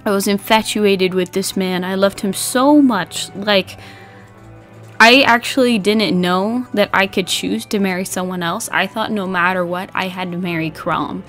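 A young woman vlogger chatting casually about a game, bubbly and animated, laughing often and acting out her old reactions. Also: medium pitch, measured pace, soft background music. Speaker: gaming vlogger. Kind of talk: casual chat.

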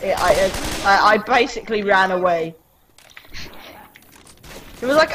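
A woman's voice: mid-range voice, lively intonation, moderate pace, pauses often, a little hiss or hum, poor audio. A woman chatting casually and swearing while playing a zombie shooter with friends. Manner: swears and shouts during play. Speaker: gamer. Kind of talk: casual gameplay chat while drinking. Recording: loud game gunfire behind.

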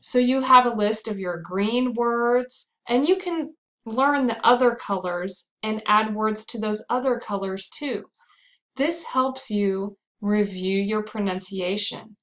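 An American woman teaching pronunciation at a very slow, deliberate pace. Her pitch sits in the middle of the range. She repeats each example word clearly, drawing it out for the learner. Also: a bit bright, rough recording. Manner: drills words slowly and repeats them.

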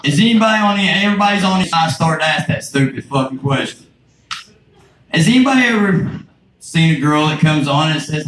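A man's voice: a little high, lively intonation, a little fast, a bit bright. A man with a rural Southern American accent doing a crude, self-mocking stand-up set on a club stage. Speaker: stand-up comedian. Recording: echoey, noisy room from far off.

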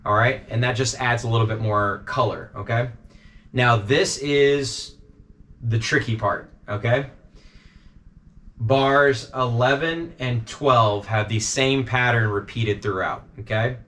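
A man's voice: medium pitch, steady tone, takes it slowly, a bit bright, a little hiss or hum. A man teaching a drum part in a casual walkthrough, counting beats aloud and often checking in with "okay?". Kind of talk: instructional walkthrough.

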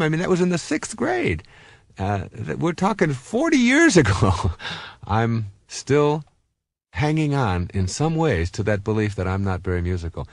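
A man's voice: medium pitch, gravelly, dry recording. A man in his fifties, a self-help author, giving a conversational motivational talk full of personal stories, with many fillers and restarts.

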